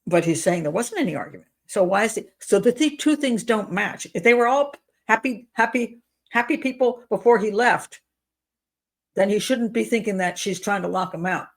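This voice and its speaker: Woman profiler host, sarcastic, incredulous commentary, mid-pitched. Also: normal speed.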